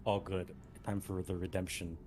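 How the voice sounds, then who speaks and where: Brash, low-voiced male player. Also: little pitch movement, moderate pace, background noise. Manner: blunt, brash, laughing. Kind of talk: casual tabletop play.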